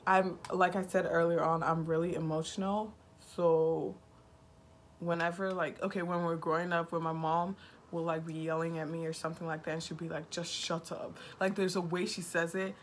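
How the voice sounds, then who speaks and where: A woman in her twenties from Nigeria chats through a get-to-know-me vlog. She speaks slowly in a flat, monotone way, her humor dry and sarcastic. Her voice sits a little low, with a faint hiss of background noise. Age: 20s. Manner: slow-talking. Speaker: vlogger.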